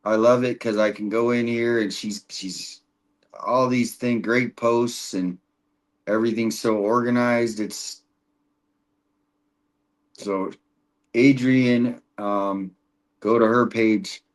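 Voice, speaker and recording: Male stream host, mid-pitched, loose rambling chat, reads comments aloud. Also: fairly even intonation, slow pace, long pauses. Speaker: livestream host. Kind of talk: casual livestream chat.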